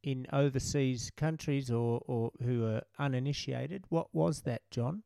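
A chatty man hosting a relaxed conversation, with a mellow, dark voice at a middle pitch. He explains things for listeners and often restarts his sentences, and the sound is close and dry. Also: unhurried, creaky, dry recording. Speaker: host. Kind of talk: casual conversation.

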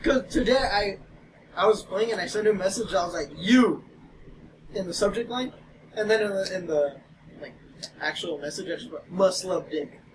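A young man with a high voice tells a crude story in a laughing, excitable way. He sits a bit back from the mic, and a loud steady noise fills the background. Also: moderate pace, distant mic, low-quality recording. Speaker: podcast co-host. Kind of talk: casual chat.

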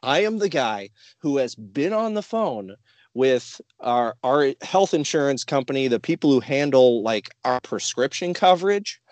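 Here a podcast co-host talks a little slowly in a medium-pitched male voice, with no echo. He's an animated storyteller in casual chat who acts out what people said.

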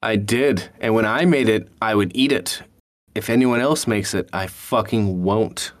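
A man co-hosting a podcast, telling crude fast food stories in casual chat. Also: on the low side. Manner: profane, storytelling, laughs often. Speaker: podcast co-host.

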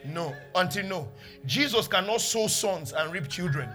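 A man preaching a sermon as pastor, emphatic, with loud exclamations between quieter teaching in a church. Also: sits high, animated, normal speed, music in the background.

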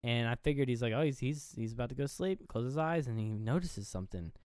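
A young man tells a movie plot in a casual chat, jumping into the characters' voices as he goes. His voice is smooth and resonant, recorded close and dry. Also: mid-range voice, fast talker, no room sound. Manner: animated retelling, acting out characters' lines; swears casually. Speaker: podcast co-host.

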